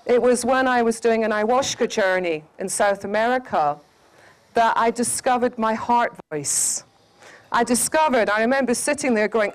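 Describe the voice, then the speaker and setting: A middle-aged woman from the Highlands, giving a spiritual talk to a festival audience, quizzing listeners and stretching out key phrases. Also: rough recording. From Scottish Highlands. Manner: animated, quizzes the audience, drawn-out emphatic phrases. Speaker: shamanic teacher.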